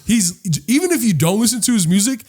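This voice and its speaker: A man co-hosting a podcast in casual chat, animated and profane, rambling with many restarts. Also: high-pitched, fast talker. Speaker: podcast co-host.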